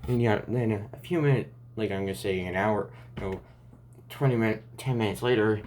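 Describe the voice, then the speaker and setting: A man's voice: lowish voice, normal speed, darkish tone, slight background noise. A man improvising a fan story aloud, rambling and restarting often between lines.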